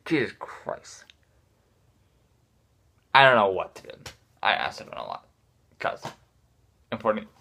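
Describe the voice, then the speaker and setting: A man's voice: mid-range voice, a bit bright. A man ranting casually to his viewers, frustrated and swearing often, restarting his sentences. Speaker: gaming vlogger.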